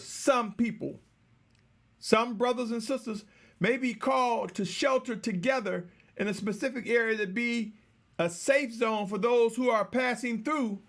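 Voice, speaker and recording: A man delivering a slow, measured, exhorting sermon, repeatedly addressing his listeners as brothers and sisters. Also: high voice, creaky. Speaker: preacher.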